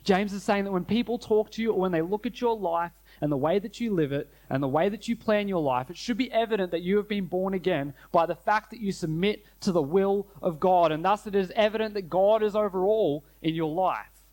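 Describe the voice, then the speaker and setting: Earnest male preacher, higher voice. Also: darkish tone. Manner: earnest preaching, slowing and dropping low for emphasis. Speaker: pastor. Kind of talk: sermon.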